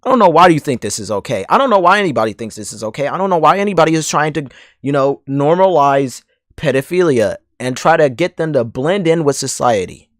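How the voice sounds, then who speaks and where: A man with a high voice delivers a heated call-out rant, cursing freely and repeating himself for force. His pitch swings widely from line to line. The sound is dry and close, with no room echo. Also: animated, a little fast. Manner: heated, profane, repetitive. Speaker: commentary channel host.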